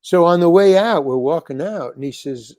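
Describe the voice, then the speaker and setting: An older man spinning a loose, rambling story as an interview guest, jumping into the voices of the people in it. His voice sits a little high for a man, and the sound is close and dry with no room around it. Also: moderate pace, no echo. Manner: animated, rambling, acts out quoted lines. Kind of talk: storytelling anecdote.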